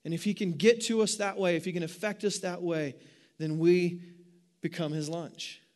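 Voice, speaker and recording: A man preaching a sermon in an animated way, asking his listeners rhetorical questions. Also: sits high, normal speed. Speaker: pastor.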